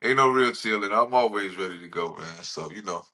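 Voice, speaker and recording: A man's voice: lowish voice, a little fast, bright, forceful tone. A man, a rapper talking in a casual podcast interview, rambling and laid-back. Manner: laid-back, rambling, says "you know what I'm saying" often.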